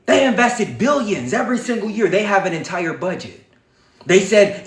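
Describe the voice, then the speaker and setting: Brief: man with a high, fiery voice, preachy livestream monologue, heavy swearing, echoey room. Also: lively intonation, moderate pace. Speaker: livestream host.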